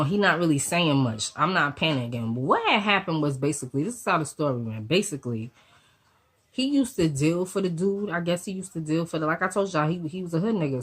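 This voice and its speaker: In a casual storytime vlog, a woman speaks straight to her audience in a low, husky voice that's still rough from a cold. She rattles along fast, swearing and using slang freely, tossing in energetic side comments to keep the tale going.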